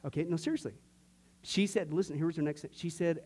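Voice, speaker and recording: Male pastor, middle-aged, fairly high voice, teaching class, anecdotal storytelling, fillers and jokes, dramatic swings in loudness. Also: fairly quick, a little hiss or hum. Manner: acts out quoted voices, rising loud and dropping to near whisper. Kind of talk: sermon-style teaching class.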